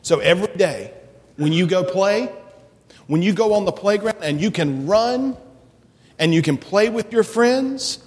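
A man's voice: sits high, animated, unhurried, long reverb tail. A man giving a children's message in church, asking children playful questions and leading a prayer. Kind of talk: children's sermon. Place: church sanctuary.

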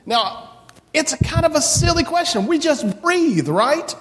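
A man leads a children's sermon in a church, his voice rising and falling in a lively way as he asks playful questions. He speaks slowly and slightly high, with a long reverb from the big room around him. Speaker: children's message leader at church. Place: church sanctuary.

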